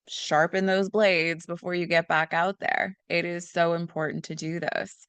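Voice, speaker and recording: A woman's voice: on the low side, fairly bright tone, smooth, no echo. A middle-aged woman, a nurse practitioner, giving earnest, encouraging wellness advice in a casual talk, with personal stories.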